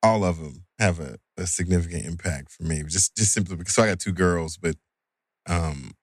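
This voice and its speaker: A man co-hosting a casual podcast conversation, measured and earnest. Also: sits low, slightly rough, no echo, studio quality.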